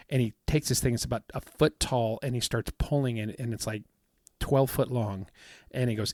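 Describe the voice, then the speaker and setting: A man's voice: mid-range voice, steady tone, brisk, darkish tone, dry recording, studio quality. A man co-hosting a podcast, telling a long story in a rambling, casual way with many fillers and acted-out quotes. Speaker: podcast co-host. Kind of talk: casual chat.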